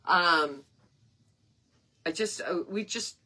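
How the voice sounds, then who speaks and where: A woman's voice: fairly low pitch, slow pace, sharp tone. A woman in her sixties hosting her craft page live, chatting in a rambling, earnest and emotional way. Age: 60s. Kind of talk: casual live-stream chat.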